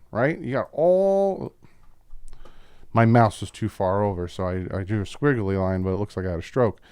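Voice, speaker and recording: With a voice on the low side and no room sound, a man runs a casual YouTube football film breakdown. He speaks as a fan with firm opinions and frequent asides.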